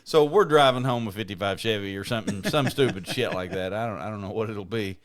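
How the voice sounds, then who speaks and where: Speaking fast in a fairly low voice, this podcast co-host keeps the casual chat loose, meandering, and full of profanity.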